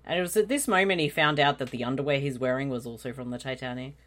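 A man's voice: medium pitch, quick pace, fairly bright tone. A man co-hosting a podcast, making dry, sarcastic quips while watching a movie. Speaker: podcast co-host. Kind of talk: casual movie commentary chat.

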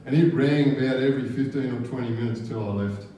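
A man's voice: medium pitch, quick pace, warm tone, slight background noise. An Australian man telling a true story on stage at a live event, rambling and casual and swearing freely. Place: live arts venue stage. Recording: roomy live hall from a distance.

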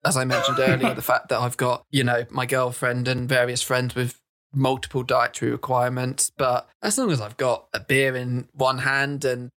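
A man chatting casually as a podcast guest, relaxed and laughing at his own stories. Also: mid-range voice, moderate pace. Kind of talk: casual chat.

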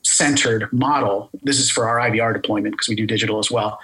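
A man with a Philadelphia accent explaining a technical product in an interview, talking fast and full of jargon. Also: on the low side, fairly even intonation, bright, forceful tone, slightly rough, low-quality recording. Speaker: tech company guest explaining voice AI.

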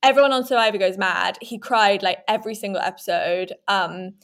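A young woman, co-hosting a podcast in animated casual chat with quick asides. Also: mid-range voice. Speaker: podcast co-host.

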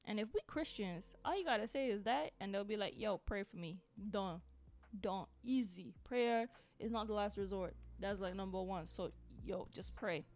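A woman's voice: medium pitch, moderate pace, a little mellow. A woman hosting her podcast, ranting solo in an exasperated, sarcastic way and repeating words for emphasis. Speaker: podcast host. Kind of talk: solo diary-style rant.

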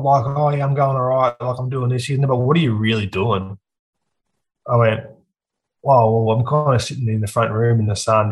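A man's voice: medium pitch, breathy edge, low-quality recording. A man in his thirties with an Australian accent, a guest speaking bluntly and earnestly about his life, swearing freely and often saying "mate". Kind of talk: candid personal storytelling.

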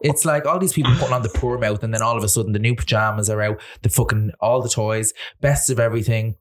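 A man's voice: on the low side, steady tone, fast. An Irish man co-hosting a podcast in casual chat, blunt and gossipy, swearing freely. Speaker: podcast co-host.

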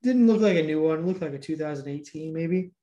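A man's voice: a little high, brisk, mellow, lo-fi sound. A young man on a podcast, retelling a movie plot at length in a rambling, swear-heavy casual chat. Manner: rambling, heavy swearing, laughs while telling. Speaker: podcast co-host.

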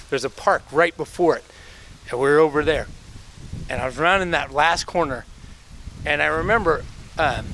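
A middle-aged male pastor preaches with a voice pitched a little higher than most men's. He moves between relaxed, conversational storytelling and loud, emphatic exhortation. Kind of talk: sermon.

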